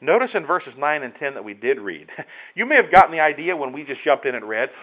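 A man's voice: fairly high pitch, sing-song, a little fast. Earnest preacher man, dull recording. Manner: earnest, emphatic, rising to loud exclamations. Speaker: pastor. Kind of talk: sermon.

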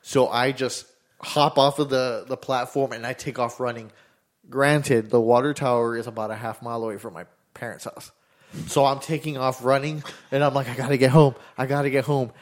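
A man's voice: medium pitch, steady tone, moderate pace. Young male storyteller, casual, profane, voices the other people in his story. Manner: rambling, swears freely, acts out dialogue.

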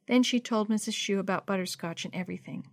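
A woman narrating a children's storybook in a gentle, steady read-aloud manner. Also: medium pitch, quick pace, no echo, studio quality.

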